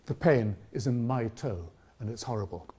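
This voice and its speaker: Older man, university lecture, mellow, slightly husky. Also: medium pitch. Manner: measured, reflective, with rhetorical questions. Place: lecture hall.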